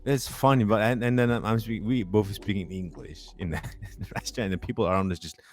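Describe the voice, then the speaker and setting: A man's voice: on the low side, fairly even intonation, brisk. A man, a Japanese native speaker, telling casual stories on a podcast in English with small grammar slips and frequent laughter. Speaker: podcast host. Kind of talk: casual chat.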